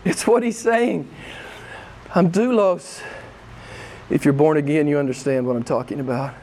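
A man's voice: a little high, moderate pace, a little mellow, slight background noise. A man preaching a sermon in a church, impassioned and emphatic, repeating his phrases. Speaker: pastor.

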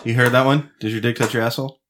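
A man co-hosting a casual podcast, telling a crude joke in a deadpan, swearing way. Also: medium pitch, rapid-fire, noisy background. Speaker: podcast co-host.

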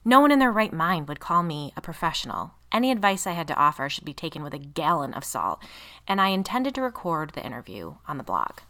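A woman narrates a first-person audiobook in a wry, casually profane voice. Her tone is bright and crisp, and her pitch sits on the low side for a woman while swinging widely. She reads with a lively, expressive sense of timing. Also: fairly quick.

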